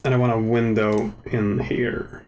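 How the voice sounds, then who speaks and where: A man hosting a casual software tutorial, talking to himself as he works, joking at his own slips, on a desk microphone with the gain set too high. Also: measured pace, a little hiss or hum. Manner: relaxed, self-mocking, mutters to himself while working. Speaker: tutorial host. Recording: overdriven mic with faint keyboard clicks.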